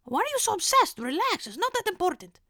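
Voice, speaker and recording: A woman putting on the voice of an impatient, dismissive female dentist who scolds in a shrill tone. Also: sing-song, quick pace, pushed and bright, no echo, clean studio sound, heavily acted.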